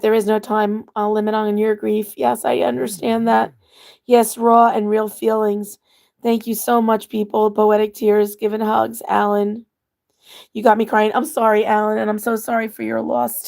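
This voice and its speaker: A woman's voice: mid-range voice, vocal fry, darkish tone. A middle-aged woman hosting a casual livestream, reading viewer comments aloud and answering them while she laughs and cries at once. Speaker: livestream host reading chat. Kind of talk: casual emotional livestream chat.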